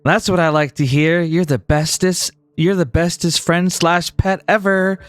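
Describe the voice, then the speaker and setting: A man voicing a timid, hungry male buffalo who speaks softly and gratefully. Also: fairly high pitch, fairly even intonation, a little slow, clear, resonant tone, dry recording, voice pushed up, lightly acted. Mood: meek. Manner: soft, meek and grateful.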